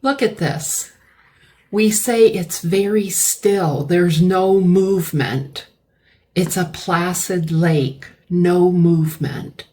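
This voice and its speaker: A woman teaching English vocabulary, explaining words slowly and repeating key terms. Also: on the low side, a little mellow. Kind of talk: slow classroom-style vocabulary lesson.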